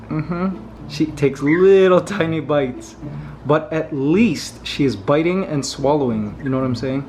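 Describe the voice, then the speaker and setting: A man's voice: a little high, expressive, takes it slowly, darkish tone, a little hiss or hum, rough recording. A man in his thirties vlogging casually, coaxing his pet parrot in a playful baby-talk voice. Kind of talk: casual vlog talk to camera.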